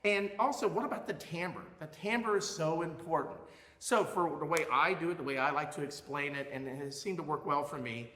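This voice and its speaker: Bright-voiced male music teacher, echoey room. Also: a little high. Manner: expressive, demonstrates loudness with his voice. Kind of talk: recorded music lesson.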